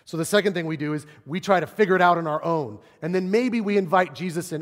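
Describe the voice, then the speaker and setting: A man preaching a sermon as pastor, animated, acting out quoted voices and dropping to soft, low tones for emphasis. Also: fast, few pauses, long reverb tail.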